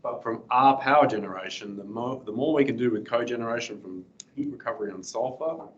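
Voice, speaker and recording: A middle-aged man giving a guest lecture with slides, hoarse and clearing his throat, speaking haltingly with many fillers and restarts. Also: mid-range voice, dull audio, slight background noise.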